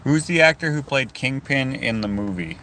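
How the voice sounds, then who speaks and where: A man's voice: mid-range voice, moderate pace, bright, forceful tone, a little hiss or hum. A man from Canada chats casually in a car to his phone and reads viewer comments, rambling and cutting himself off. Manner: rambling, chatty, self-interrupting. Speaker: vlogger. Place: inside a car.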